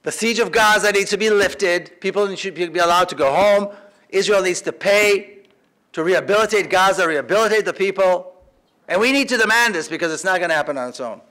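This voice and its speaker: A man's voice: high-pitched, fairly quick, pushed and bright. A man giving an impassioned public speech in a large lecture hall, emphatic and repeating phrases for force. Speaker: activist speaker.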